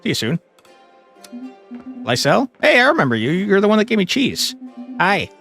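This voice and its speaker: A man's voice: high-pitched, huge pitch swings, moderate pace, a bit bright. A young man live-streaming a game, chatting in a laid-back, jokey way with casual swearing. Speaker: gaming streamer. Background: game music.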